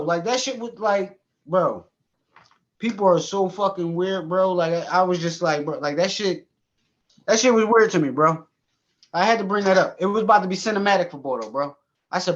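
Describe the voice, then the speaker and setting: Man, casual podcast chat, animated and profane, slightly higher voice, dull lo-fi sound. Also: normal speed. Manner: animated, profane, laughs often. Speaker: podcast co-host.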